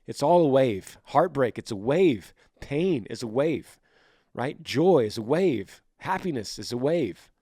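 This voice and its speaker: Podcast host guy, earnest and rambling, restarts a lot, dry close mic, mid pitch. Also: a little mellow, dry recording. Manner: rambling, earnest, repeats words while searching. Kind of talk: casual advice monologue.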